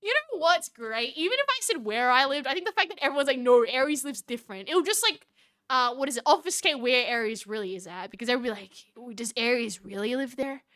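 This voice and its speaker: A woman's voice: sits high, big pitch swings, fast talker, bright, forceful tone. A young Australian woman chatting casually on a live stream, giggly and reading chat aloud. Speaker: VTuber streamer.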